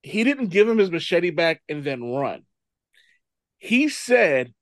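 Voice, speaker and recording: A man with a high voice hosts a casual podcast chat, animated and quick to laugh and swear. The sound is close and dry, with no room around it. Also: no echo. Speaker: podcast host.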